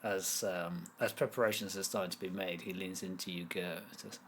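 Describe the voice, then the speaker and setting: A man's voice: low voice, steady tone, a little fast, few pauses, fairly bright tone. Casual man running a tabletop game. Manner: casual, hesitant with fillers. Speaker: game master.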